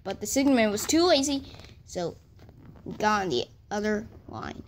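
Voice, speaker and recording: A woman narrating an amateur toy-train story, halting and restarting her words. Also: medium pitch, animated.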